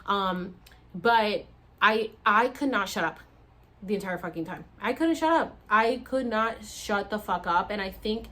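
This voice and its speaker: A woman vlogger telling a story to camera in a casual, animated way, swearing freely and acting out her own reactions. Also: medium pitch, measured pace.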